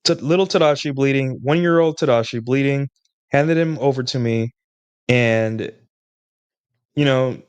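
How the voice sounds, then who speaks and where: A man of middle pitch with a smooth, resonant voice, recorded dry and close. He boasts his way through loose, rambling dating anecdotes on his own stream, forever turning to his listeners for agreement. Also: unhurried, long pauses, dry recording. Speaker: streamer hosting a solo talk show. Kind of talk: casual storytelling monologue about dating.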